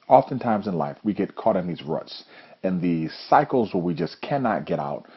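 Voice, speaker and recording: A man's voice: low voice, creaky, husky. A man from Florida giving an earnest, motivational storytelling monologue as a judo coach and show host. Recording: dull lo-fi recording.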